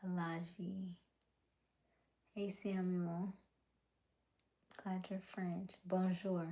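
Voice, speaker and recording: A woman hosting a casual live stream, greeting viewers by name and reading their comments, often dropping into a soft whisper. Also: on the low side, little pitch movement, measured pace. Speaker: livestream host.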